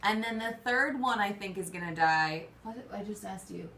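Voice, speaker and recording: A woman hosting a casual podcast chat, bubbly and quick to laugh. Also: medium pitch, bright, forceful tone, slight background noise. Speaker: podcast host. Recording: echoey room, heard from a distance.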